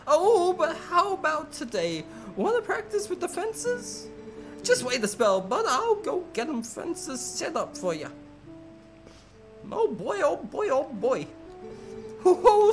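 A man's voice: extremely high pitch, voice pushed up, heavily acted. A man voicing a friendly young male ranch hand in a game, with a wavering put-on country drawl and folksy talk. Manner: folksy, says bud and y'all. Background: game music.

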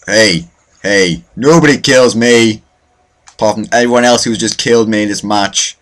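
A man's voice: fairly low pitch, normal speed, a bit bright. A young man hosting a let's play, commentating his own matches with self-mocking, mock-boastful trash talk. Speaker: gaming channel host.

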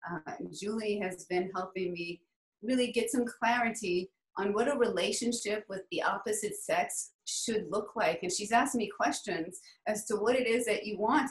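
A woman from the American South, her Southern accent mostly hidden, gives a heartfelt, rambling personal speech at a club meeting and says "y'all." Her voice is medium-pitched at a moderate pace, recorded with poor audio in an echoey room.

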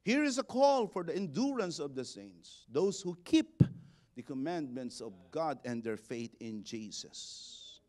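Slow, emphatic preacher, man. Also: fairly high pitch, very animated. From Philippines. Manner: preaching with rising shouted exhortations and call-and-response. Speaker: bishop. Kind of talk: sermon.

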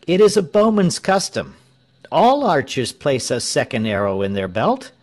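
A man's voice: mid-range voice, sing-song, takes it slowly, pitched above the performer's own voice. A man reading a storybook, voicing a proud, defiant male archer who speaks firmly and earnestly. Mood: respectful.

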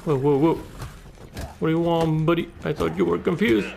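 A man's voice: fairly high pitch, fairly even intonation, normal speed, vocal fry, a little mellow, a little hiss or hum. A man giving profane, exclamatory commentary while playing a video game. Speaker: gaming YouTuber. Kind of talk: let's play commentary. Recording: game music playing behind the voice.

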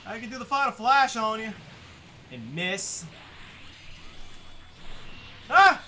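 A man playing a fighting game with a friend, yelling, swearing and joking in goofy trash talk. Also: high voice, big pitch swings, takes it slowly, slight background noise. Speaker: gaming channel host. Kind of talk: loud casual gameplay banter.

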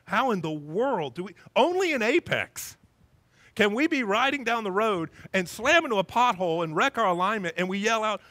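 Guy pastor preaching, high bright voice, bouncy and animated, dry close sound. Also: normal speed, no room sound. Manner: animated, acts out scenes in voices. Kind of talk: sermon. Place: church.

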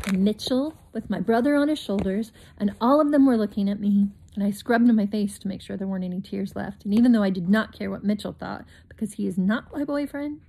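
Mellow-voiced woman reading a storybook aloud. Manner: expressive, with bright leaps in pitch on exciting words; chatty asides to young listeners. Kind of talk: children's storybook read-aloud.

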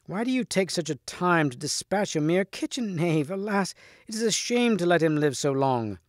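A man's voice: mid-range voice, steady tone, normal speed, dry recording, clean studio sound, lightly acted. A man voicing a scornful, haughty young noble lady who sneers and insults. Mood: mocking.

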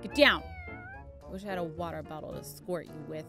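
A woman's voice: sits low, fairly even intonation, fast, music in the background. A young woman hosting a casual let's-play, chatty and playful, scolding the pets in her game. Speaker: gaming channel host.

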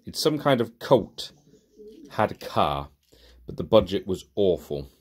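A man's voice: sits low, sing-song, a little slow. A young man giving sarcastic, exasperated casual commentary while reviewing cheap toys. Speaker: toy reviewer.

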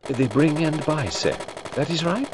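A man's voice: a little high, expressive, normal speed, background noise, pitched above the performer's own voice, lightly acted. A man voicing a fussy, precise elderly Belgian detective who speaks formally and enunciates carefully. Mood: polite, probing.

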